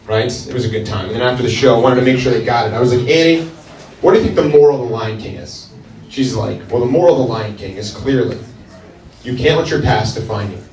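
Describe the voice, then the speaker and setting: A male stand-up comedian with a hesitant, deadpan delivery full of pauses. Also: mid-range voice, distant mic. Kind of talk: stand-up set. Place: comedy club stage with laughing audience. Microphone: handheld stage mic. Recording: roomy club sound, audience laughter.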